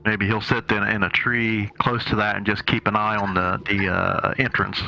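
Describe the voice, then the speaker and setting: A man's voice: on the low side, little pitch movement, moderate pace, creaky, pushed and bright, rough recording. A man playing in a tabletop game, describing his moves in a rambling, hesitant way. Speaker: player.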